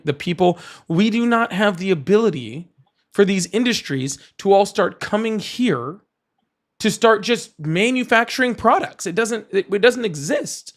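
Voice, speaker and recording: A young man hosting a casual political debate, blunt and argumentative, with rough, profane language. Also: high-pitched. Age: young adult. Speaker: political show host.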